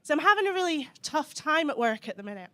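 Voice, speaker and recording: Sardonic Scottish Highland woman doing stand-up. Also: big pitch swings, fast, a bit bright. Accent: soft Scottish Highlands. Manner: dry, sweary, sardonic delivery. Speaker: stand-up comedian. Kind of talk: stand-up comedy set. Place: comedy club stage.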